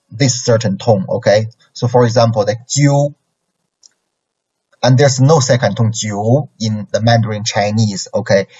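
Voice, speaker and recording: A man's voice: mid-range voice, a little mellow. A man teaching Chinese pronunciation in a classroom lesson, who keeps checking in with a questioning "okay?". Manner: ends phrases with a checking "okay?". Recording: dull lo-fi recording.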